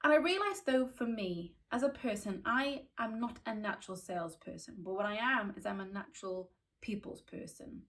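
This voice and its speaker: A woman from Wales, a skin therapist telling candid stories in a podcast chat, animated and full of restarts. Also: mid-range voice, moderate pace. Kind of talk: casual storytelling in a podcast chat.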